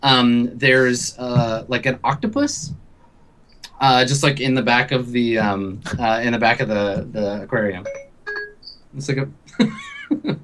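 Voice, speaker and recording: A man narrates a tabletop game as its game master, stumbling through fillers and restarts as he describes the scene. His pitch sits in the ordinary middle range for a man. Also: fairly even intonation, a little slow, fairly bright tone, slight background noise. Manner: hesitant, many fillers and restarts.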